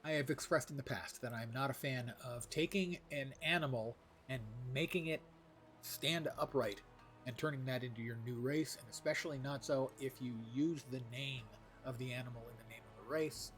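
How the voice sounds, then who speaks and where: A man's voice: mid-range voice, moderate pace, fairly bright tone, soft background music. A man streaming an online game live, narrating his play with wry muttered asides.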